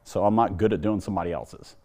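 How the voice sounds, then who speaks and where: A man's voice: deep voice, fast, darkish tone. A man telling his personal faith testimony in an earnest storytelling way, exhorting listeners. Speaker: testimony speaker.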